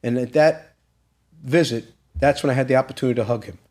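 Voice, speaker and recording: A man speaking at an ordinary, middle pitch tells an emotional story in a podcast interview. He acts out the quoted lines of others and becomes emphatic and intense as he presses on the key points. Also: quick pace, darkish tone. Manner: retells events with acted-out quoted dialogue, growing intense and emphatic. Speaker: interview guest.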